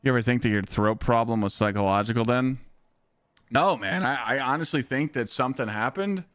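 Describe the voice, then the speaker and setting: A man's voice: medium pitch, brisk, fairly bright tone, no room sound, studio quality. A young man live-streaming a game, chatting casually in a rambling, profane way and answering viewers' questions. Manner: profane, rambling, reads chat aloud.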